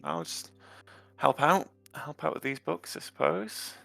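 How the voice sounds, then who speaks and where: A man's voice: a little high, big pitch swings, unhurried, creaky, sharp tone. A man playing his character in a tabletop game, mild and hesitant. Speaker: player.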